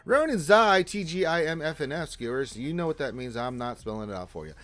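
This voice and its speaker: A man hosting a casual gaming livestream, greeting viewers by name and answering chat questions in a jokey, animated way. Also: medium pitch, quick pace. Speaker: livestream host reading chat.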